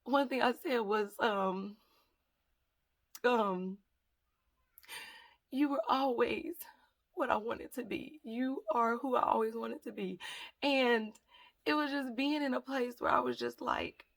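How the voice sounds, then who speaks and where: Heartfelt woman with a gravelly edge. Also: on the high side, takes it slowly, long pauses. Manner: heartfelt, rambling, tearful at times. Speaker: vlogger. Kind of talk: emotional casual vlog talk.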